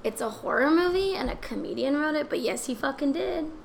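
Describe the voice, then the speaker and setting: A woman's voice: high-pitched, expressive, a little fast, creaky, slight background noise. A young adult woman hosting a podcast in a playful, chatty, joking way. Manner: playful, jokey, loose and chatty. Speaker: podcast host. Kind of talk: casual chat.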